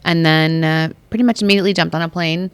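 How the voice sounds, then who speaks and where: A woman from Long Island with a New York accent, co-hosting a podcast in an animated, chatty way and laughing often. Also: deep voice, fast, smooth, no echo. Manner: animated, laughs often, talks over her co-host. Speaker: podcast co-host. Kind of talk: casual chat.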